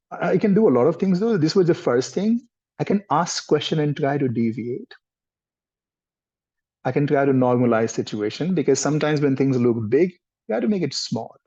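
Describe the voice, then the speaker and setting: Soft-spoken trainer, dull recording. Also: male voice, medium pitch, breathy edge. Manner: gentle, explanatory, mixes in Hindi words. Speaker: counseling trainer. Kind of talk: explaining in a live workshop. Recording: dull lo-fi sound.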